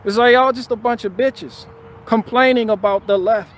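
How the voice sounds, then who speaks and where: A man with a notably high voice holds forth on a casual live stream. He talks bluntly and profanely, doubling back on his words as he builds his rant. A faint hiss of noise sits under the recording. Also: moderate pace, fairly bright tone. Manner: repetitive, restarting phrases.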